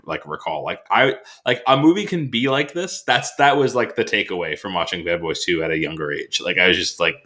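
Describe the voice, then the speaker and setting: A man's voice: low voice, bright, forceful tone. A man co-hosting a film podcast in casual chat, enthusiastic and full of filler words. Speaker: podcast co-host.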